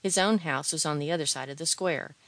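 A woman reading a novel aloud in a measured, gently wry storytelling manner. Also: deep voice, dry recording. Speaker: audiobook reader. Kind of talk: scripted narration of a novel.

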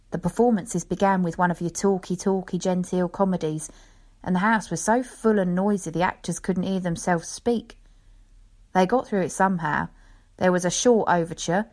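Storybook: woman doing an unhurried old lion tamer, folksy and rambling, lowish voice. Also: natural voice. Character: old male lion tamer, leisurely pipe-smoking storyteller.

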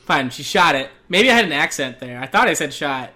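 A man's voice: a little high, sing-song, brisk, bright, forceful tone. A man with an Arizonan accent, co-hosting a casual gaming chat, rambling and laughing at himself. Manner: rambling, self-deprecating, laughs often.

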